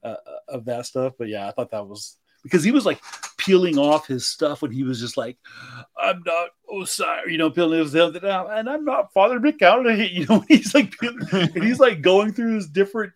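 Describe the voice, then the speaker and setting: A man's voice: on the high side, lively intonation, fairly quick, slight background noise. A man co-hosting a casual movie podcast, rambling and acting out quotes with lots of laughter. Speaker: podcast co-host.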